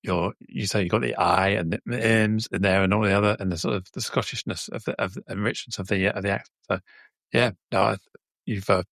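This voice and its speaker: Fast, gravelly-voiced male interviewer. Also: on the low side, steady tone, fairly bright tone, no echo. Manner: halting, many restarts. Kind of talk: casual interview.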